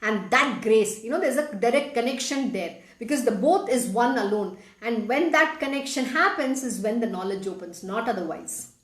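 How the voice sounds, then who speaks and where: A woman's voice: a little high, lively intonation, normal speed, hardly any pauses, echoey room. A woman reading a devotional scripture aloud and explaining it in an earnest, emphatic way. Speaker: spiritual teacher reading scripture.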